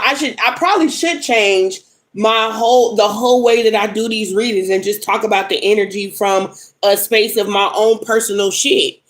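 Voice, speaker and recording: The audio is poor, and the woman's voice sits on the high side. She's a young adult doing live tarot readings on a casual stream, angry and upset, swearing heavily as she vents at commenters.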